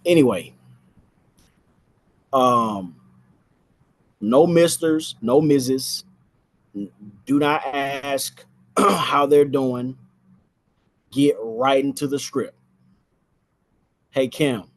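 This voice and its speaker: A man's voice: mid-range voice, extremely slow, pauses often. A man giving a casual spoken training on phone sales, talking from inside a house and repeating phrases for emphasis.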